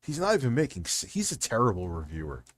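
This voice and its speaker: A man's voice: medium pitch, wildly swooping pitch, quick pace, dry recording. Profane ranting man reacting to videos. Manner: ranting, incredulous, sarcastic. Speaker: streamer host.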